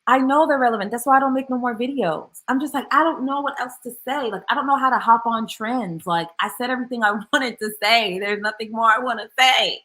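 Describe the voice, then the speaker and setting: Woman vocal coach, casual livestream Q&A, bright tone, lively and slangy. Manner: chatty and animated, drops into slangy asides; voice jumps much higher in playful bursts. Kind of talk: casual livestream Q&A, reading viewer comments.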